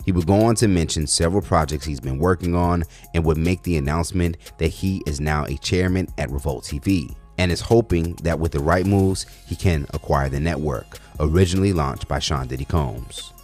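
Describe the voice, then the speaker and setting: Very deep-voiced male news narrator. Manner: even, reporting tone. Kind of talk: scripted narration.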